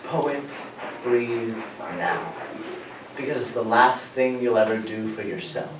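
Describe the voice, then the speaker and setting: A man voicing his pet dog as a laid-back, quietly advising female figure, speaking in a hushed offhand drawl, heard from a distant mic in a roomy space. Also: mid-range voice, slow, noisy background, pitched below the performer's own voice, natural voice. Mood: hushed, wry.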